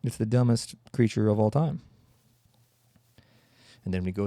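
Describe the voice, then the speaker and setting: A man's voice: on the low side, moderate pace, pauses often, mellow, dry recording. A man hosting a solo comedy podcast, rambling and mocking in a sarcastic tone. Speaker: podcast host.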